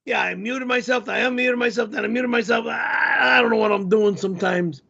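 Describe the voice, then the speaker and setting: A man's voice: extremely high pitch, brisk, creaky, sharp tone. A man hosting a casual live stream, rambling and poking fun at himself over a remote call mic. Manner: rambling, self-deprecating. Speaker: host. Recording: muffled lo-fi call audio.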